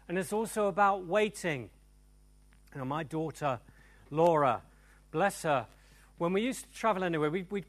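A man preaching a sermon to a church congregation, emphatic and animated, moving from loud cries to hushed tones. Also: sits high. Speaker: pastor. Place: church service before a congregation.

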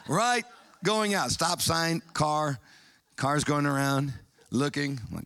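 A man preaching a sermon, telling a story with excited high bursts and hushed, solemn passages. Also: a little slow, creaky, no room sound.

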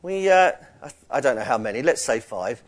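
A man's voice: mid-range voice, big pitch swings, a little fast. A man, a pastor preaching a conversational sermon that rises in emphasis on key points.

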